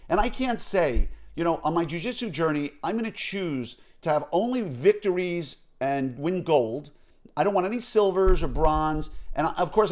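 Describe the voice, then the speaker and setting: A middle-aged man hosting a short motivational podcast, talking emphatically and conversationally, often tagging points with "right?". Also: a little high. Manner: emphatic, conversational, punches words with rhetorical "right?". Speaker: podcast host. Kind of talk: motivational talk.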